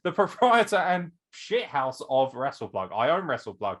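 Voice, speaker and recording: A man's voice: on the high side, very animated, normal speed, a bit bright. A man hosting a wrestling podcast, using joking, theatrical, mock-formal banter. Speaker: podcast host and interviewer. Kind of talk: casual comedic podcast chat.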